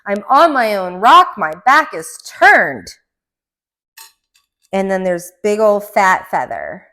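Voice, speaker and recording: A woman giving a casual tarot card reading at home, rambling and excitable, with gasps and laughs between her thoughts. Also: medium pitch, slow pace. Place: indoor room. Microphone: camera mic.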